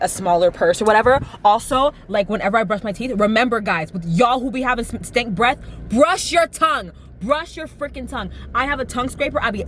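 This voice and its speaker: A vlogger in her twenties chats casually to her camera mic while driving, dramatic and packed with fillers like "like," acting out little quotes. Her voice is mid-range, and a little hiss or hum is audible.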